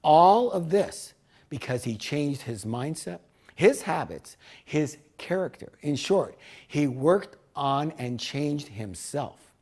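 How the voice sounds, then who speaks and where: A middle-aged man giving a motivational speech, emphatic and swinging between loud punches and hushed lines. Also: on the high side, lively intonation, slow pace. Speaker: motivational speaker.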